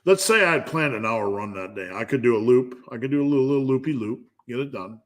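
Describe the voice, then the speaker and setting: A man's voice: medium pitch, lively intonation, fast. A man hosting a live fitness Q&A, giving a blunt, profane pep talk. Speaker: fitness channel host.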